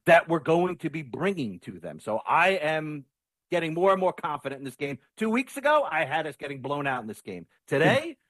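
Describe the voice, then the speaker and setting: A man talking football as a guest, animated and stumbling over his opening words. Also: a little high, brisk, no room sound. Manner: animated, repeats words when starting sentences. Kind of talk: excited sports talk.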